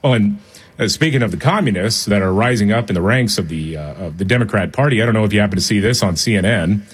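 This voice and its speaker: A man's voice: lowish voice, lively intonation, breathy edge. A man co-hosting a radio talk show, giving blunt, mocking political opinions into a studio microphone. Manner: blunt, mocking, quick to laugh.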